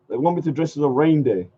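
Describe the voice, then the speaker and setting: A man's voice: on the high side, warm tone. A man hosting a casual livestream chat, rambling loosely and repeating phrases, chuckling often. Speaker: livestream host. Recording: muffled lo-fi stream audio.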